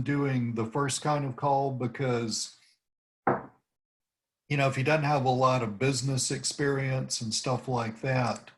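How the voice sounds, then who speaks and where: A man leading an informal team meeting over a video call, rambling through tips and acting out sample phrases. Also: mid-range voice. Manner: rambling, demonstrates phrases with rising intonation. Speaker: team leader coaching cold calls.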